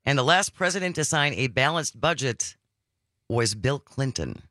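A woman's voice: a bass voice, very animated, normal speed, a bit bright, dry recording, studio quality. A woman hosting a call-in radio show, reading listener texts aloud and taking callers. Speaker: radio talk show host. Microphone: studio microphone.

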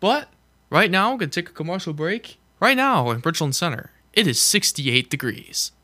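A man's voice: high-pitched, big pitch swings, normal speed. A man hosting a local radio show, giving a casual sports recap, joking at himself and laughing. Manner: chatty, jokes at himself and laughs. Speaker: radio host. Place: small radio studio.

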